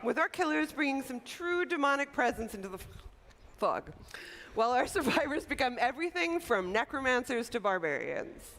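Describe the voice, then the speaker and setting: A woman's voice: sits high, big pitch swings, moderate pace, fairly bright tone. A woman presenting scripted game announcements in an upbeat manner. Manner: upbeat, reading a prepared script.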